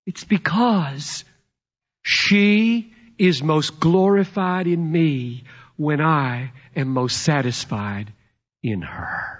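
A man in his fifties preaching a sermon, emphatic and playful, swinging from loud to hushed. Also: on the high side, drawn-out words, highs cut off. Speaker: pastor.

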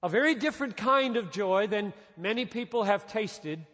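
A man preaching a sermon as a pastor, with dramatic pauses, dropping soft and then rising again. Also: sits high, lively intonation. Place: large church hall. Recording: reverberant hall.

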